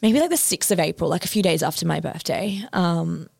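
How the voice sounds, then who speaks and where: A woman's voice: lowish voice, expressive, a little fast, gravelly, darkish tone, no echo, studio quality. A woman, a podcast guest chatting casually and filling her talk with "like". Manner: chatty, heavy use of "like". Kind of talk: casual chat.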